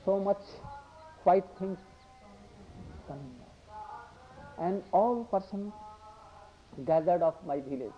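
An older man giving a devotional discourse, halting and repetitive, slipping into Hindi asides. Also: sits high, animated. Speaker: religious speaker. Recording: dull lo-fi recording.

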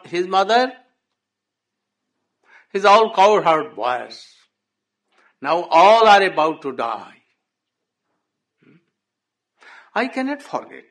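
A man's voice: a little high, creaky, a bit bright, full character voice. A man voicing a grieving old father. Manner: halting, pleading, broken English. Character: grieving elderly father, choked with longing.

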